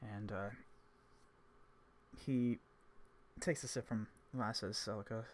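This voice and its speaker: A young man narrating a tabletop game as game master, relaxed and hesitant. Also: fairly low pitch, slow pace, a little hiss or hum. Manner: relaxed, hesitant, many fillers.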